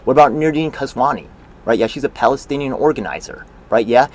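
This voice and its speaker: A man's voice: medium pitch, quick pace. A man giving profane, sarcastic running commentary on a livestream, scoffing at what he watches. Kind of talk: profane running commentary over a video call.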